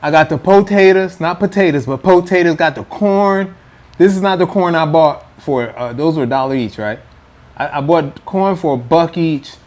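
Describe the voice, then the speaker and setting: A man's voice: fairly high pitch, normal speed, darkish tone. A man hosting a casual food vlog, playful and teasing as he talks to viewers at home. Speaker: food vlogger. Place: indoors at home.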